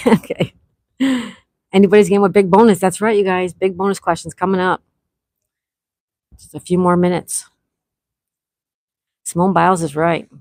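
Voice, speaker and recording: A woman's voice: on the low side, fairly even intonation, normal speed, pauses often, a little mellow, no echo, low-quality recording. Chatty woman hosting a live trivia stream. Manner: reads questions twice, greets players by name. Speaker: trivia game host.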